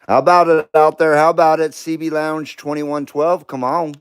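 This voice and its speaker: A man's voice: on the high side, flat delivery, moderate pace, smooth, rough recording. A middle-aged man hosting a CB radio livestream, chatting casually and rambling with frequent swearing and laughter. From Nevada, US. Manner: laid-back, rambling, swears and laughs often. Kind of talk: casual live-stream chat.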